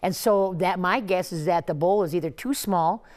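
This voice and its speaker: A woman's voice: on the low side, normal speed, darkish tone. A woman dog trainer giving casual advice on a talk show, chatty and laughing, often acting out scenes with her dogs.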